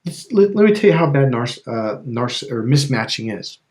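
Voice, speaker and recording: A man's voice: mid-range voice, big pitch swings, moderate pace, a little mellow. Emphatic man coaching casually. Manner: emphatic and repetitive, checks in with "okay?". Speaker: life and relationship coach.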